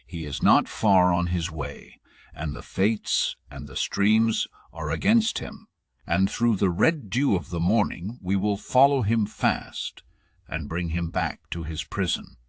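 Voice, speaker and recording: A man's voice: low voice, lively intonation, slow pace, husky, no echo, clean studio sound, exaggerated voice. A man reading the lines of a hearty, cheerful older blacksmith in a storybook poem, reassuring in tone. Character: hearty older male blacksmith turned herdsman.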